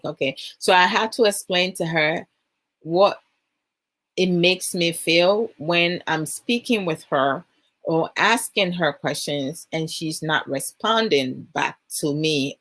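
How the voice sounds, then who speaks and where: A Ghanaian woman with a lowish voice talks through a family story in a relaxed, rambling way, filling her sentences with "you know" and "I'm like". She jumps up in pitch when she acts out her own questions to her child. The sound is close and dry, with no room behind it. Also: dry recording. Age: adult mother of a young child. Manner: chatty, many fillers like "you know" and "I'm like". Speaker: host sharing parenting advice. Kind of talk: casual storytelling monologue.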